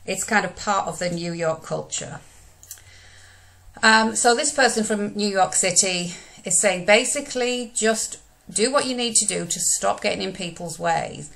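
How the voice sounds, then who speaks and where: A woman's voice: mid-range voice, measured pace, vocal fry, fairly bright tone. A woman, giving a recorded lesson over slides in a conversational manner with frequent fillers. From United Kingdom. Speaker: teacher.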